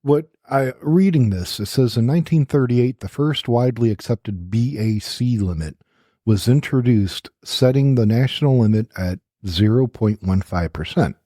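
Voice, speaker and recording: A man's voice: mid-range voice, normal speed, mellow, no room sound. A man co-hosting a casual podcast in a studio, joking around and reading out trivia with playful voices. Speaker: podcast co-host. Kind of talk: casual banter. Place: recording studio.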